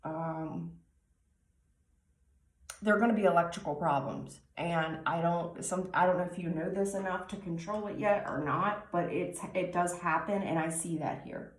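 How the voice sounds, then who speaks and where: A woman giving a tarot reading, talking slowly and musingly with many pauses and restarts. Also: fairly low pitch, echoey room. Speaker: tarot reader.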